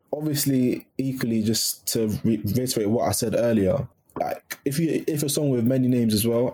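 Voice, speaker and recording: A man's voice: medium pitch, dark tone. A young man talking as a podcast guest in a casual, chatty way with frequent restarts and laughs.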